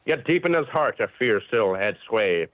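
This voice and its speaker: A performer voicing a robotic machine that recites a poem in a steady rhythm. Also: mid-range voice, normal speed, no echo, dull audio, lightly acted. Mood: reciting.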